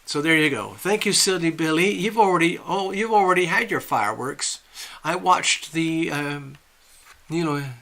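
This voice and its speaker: Greeting viewers by name and reading their comments, an American man hosts a laid-back live stream at home, rambling cheerfully while he sets up. His voice is on the high side, gravelly, pushed, and bright, at a moderate pace.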